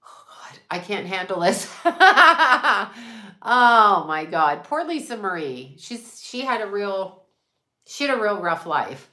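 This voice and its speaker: A woman's voice: medium pitch, big pitch swings, slow, pushed and bright, roomy sound. A woman psychic medium in a casual channeling monologue, blunt, profane and rambling, often laughing.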